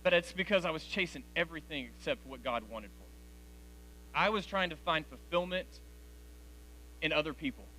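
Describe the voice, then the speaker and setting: Man, 40s, youth speaker, bright and slightly high voice, talks straight to the teens, faint hiss behind. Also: lively intonation, normal speed, pauses often, rough recording. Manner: direct, conversational, addresses teens as guys. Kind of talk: youth sermon.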